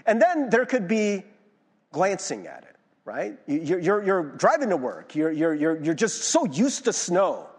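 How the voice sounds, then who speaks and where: Young man, pastor, sermon, husky voice, long hall echo. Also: sits high, measured pace. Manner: animated, chatty, self-mocking, frequent "right?".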